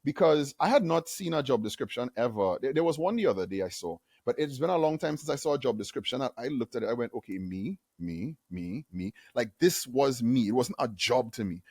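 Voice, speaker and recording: A man from Trinidad and Tobago, a guest on an interview show, telling a story in a lively way and acting out the quotes. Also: mid-range voice, fast, few pauses, breathy edge, no echo, studio quality. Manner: animated storyteller who acts out quotes. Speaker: guest, university AV manager.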